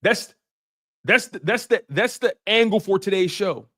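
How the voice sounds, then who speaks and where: Lively high-voiced man hosting a sports stream. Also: unhurried. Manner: animated, teasing chat readers by name. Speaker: sports podcast host. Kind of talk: casual live stream talk.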